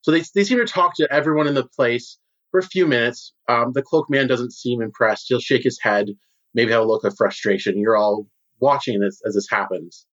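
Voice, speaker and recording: A man's voice: medium pitch, moderate pace, a bit bright. A man narrating a tabletop game as game master, casual and full of fillers. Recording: dull lo-fi sound.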